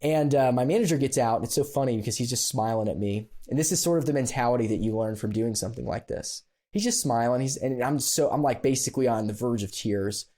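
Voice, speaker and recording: A man with a mellow, warm voice sits as a podcast guest and tells a story from his own life. He talks casually and animatedly, laughing often and scattering fillers through his sentences. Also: mid-range voice, fast, hardly any pauses.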